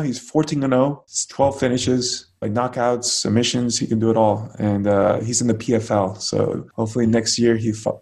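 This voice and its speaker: Male martial arts coach, interview guest, gravelly voice, casual rambling storyteller. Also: medium pitch, darkish tone. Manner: casual, loose, many fillers.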